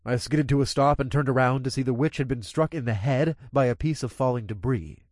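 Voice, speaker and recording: A man's voice: mid-range voice, a little mellow, no echo, studio quality. Man narrating a profane first-person story.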